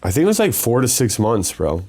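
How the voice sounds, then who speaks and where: A young man from Colorado telling wild stories in a casual interview, slangy and animated, acting out the voices he quotes. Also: mid-range voice, fairly quick. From Colorado, USA. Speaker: podcast guest, former fighter.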